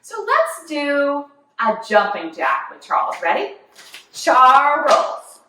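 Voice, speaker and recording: A woman's voice: high voice, huge pitch swings, measured pace, pushed and bright, slight background noise. A young woman leading a children's yoga class with a cheerful, sing-song, encouraging manner. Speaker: kids yoga teacher. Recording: very echoey room, voice from far off.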